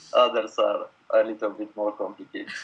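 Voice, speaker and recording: A man calling in, speaking slow and halting English as a non-native speaker, giggling often. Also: fairly low pitch, vocal fry, pushed and bright, low-quality recording. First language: not English. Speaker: caller.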